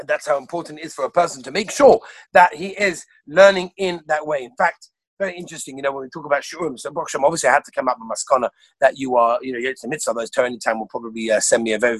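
A man teaching a Torah class over a video call, reeling off sources one after another in an animated way. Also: a little high, breathy edge, no echo, poor audio. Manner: rapid-fire listing of sources, animated. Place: lives in Israel.

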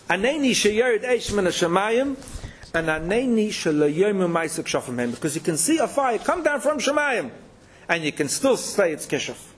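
A rabbi telling Torah stories, chanting Hebrew verses and then explaining them in English. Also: male voice, high-pitched, a bit bright, breathy edge. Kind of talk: storytelling Torah talk.

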